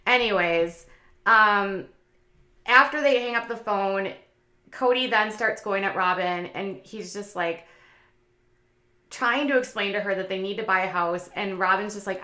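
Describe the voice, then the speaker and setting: A woman's voice: medium pitch, normal speed, pushed and bright, echoey room. A woman hosting a casual commentary channel, talking in a chatty, opinionated way with lots of fillers.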